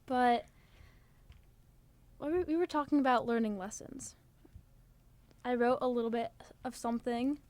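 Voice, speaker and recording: A woman's voice: a little high, a little slow, long pauses, a little mellow. A teenage girl from New Jersey co-hosting a podcast, chatting earnestly with lots of "like" fillers. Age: teens. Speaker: podcast co-host. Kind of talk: casual chat.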